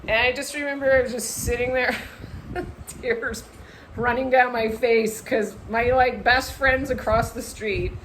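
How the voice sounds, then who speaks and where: A woman vlogger telling a personal story to camera in a casual, animated way, full of "like" and acted-out voices. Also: fairly high pitch, measured pace, slight background noise, rough recording. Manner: animated, lots of "like", acts out voices in her story.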